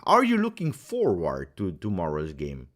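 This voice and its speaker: Angry low-voiced man ranting on a live stream. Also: huge pitch swings, moderate pace. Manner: heated, emphatic, repeats phrases. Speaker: fan channel host. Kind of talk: live-stream fan rant.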